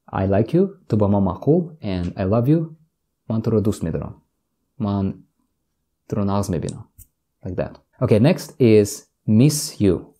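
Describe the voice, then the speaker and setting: Speaking in a darkish, lowish voice, a man with a Tajik accent from northern Tajikistan runs a casual language lesson. He explains patiently and slowly, gives examples, and repeats each word.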